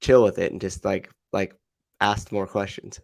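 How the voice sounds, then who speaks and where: A man's voice: lowish voice, fairly even intonation, normal speed, gravelly, a little mellow, dry recording. A man co-hosting a podcast who talks in a casual, laid-back way and uses a lot of filler words. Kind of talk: casual conversation.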